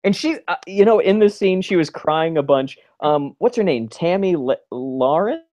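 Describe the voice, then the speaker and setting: A man's voice: fairly high pitch, lively intonation, normal speed, darkish tone. Male podcast co-host, casual and sarcastic, riffs in mock voices. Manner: joking, sarcastic, acts out lines in funny voices. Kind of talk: casual chat.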